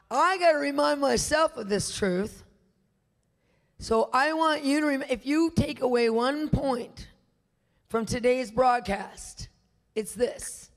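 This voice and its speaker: A woman's voice: high-pitched, big-room sound. A woman minister preaching a sermon, emphatic and full of rhetorical questions to her listeners. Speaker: guest minister teaching.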